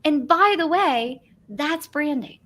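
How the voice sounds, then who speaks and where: A woman's voice: high voice, lively intonation, slow pace, a bit bright. A woman guest on a live stream talking about branding, enthusiastic and conversational. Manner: enthusiastic, conversational, says "like" often. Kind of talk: casual live stream interview. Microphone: video call.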